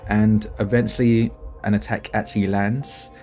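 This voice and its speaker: A man's voice: lowish voice, level tone, normal speed, darkish tone, faint music behind. A man playing a tabletop game, casually describing his character's scene. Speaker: player.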